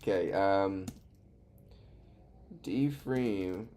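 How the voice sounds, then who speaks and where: A young man live-streaming himself learning to code, muttering and reading code aloud as he types, hesitant and full of pauses. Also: low voice, warm tone, a little hiss or hum.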